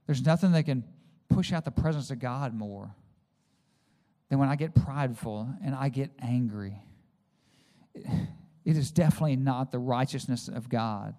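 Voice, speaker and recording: A man's voice: medium pitch, unhurried, long pauses, warm tone. A male pastor preaching a sermon, mixing personal stories with direct, conversational appeals to the congregation. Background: faint music.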